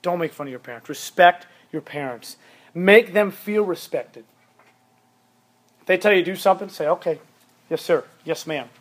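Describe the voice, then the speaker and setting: This youth pastor in his thirties has a high voice with lively intonation, speaking at normal speed with long pauses. Preaching to teenagers, he is emphatic and repetitive, repeating commands to hammer home every point.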